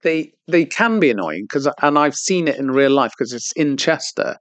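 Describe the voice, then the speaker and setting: Lively man telling stories. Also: fairly high pitch, normal speed, no room sound. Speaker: podcast co-host. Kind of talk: casual pub chat.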